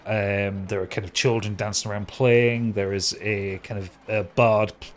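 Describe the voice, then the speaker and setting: A man's voice: fairly low pitch, flat delivery, normal speed, a little hiss or hum. A man narrating a tabletop game as game master, rambling with many fillers and hesitations.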